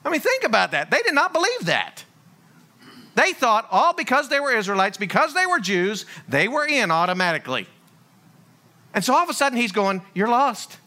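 A man's voice: very high voice, sing-song, fairly quick, sharp tone. A man preaching a sermon as a pastor, full of rhetorical questions and folksy humor.

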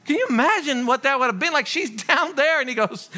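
Folksy pastor, high bright voice, animated sermon delivery. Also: male voice, brisk. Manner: animated, rhetorical questions, folksy humor.

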